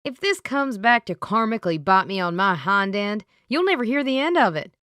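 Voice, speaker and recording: A woman voicing a grumpy older male psychic with a Southern accent and a gruff manner. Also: medium pitch, big pitch swings, moderate pace, no room sound, studio quality, pitched above the performer's own voice. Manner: gruff, then softening.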